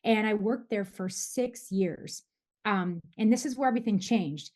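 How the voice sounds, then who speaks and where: A woman in her forties from Michigan, guesting on a podcast with a voice in an ordinary middle register. She talks in a chatty, animated way and often restarts her sentences. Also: mid-range voice, a little slow. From Michigan, USA. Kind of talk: casual interview storytelling.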